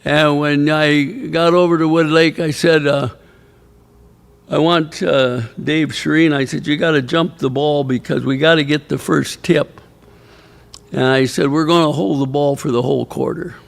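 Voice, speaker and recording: Older male former coach, gravelly, slightly high voice, meandering anecdotal speaker. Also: steady tone, a little slow. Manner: rambling anecdotal storyteller, chuckling, quoting others. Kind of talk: storytelling speech at an awards ceremony. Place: banquet hall at a ceremony.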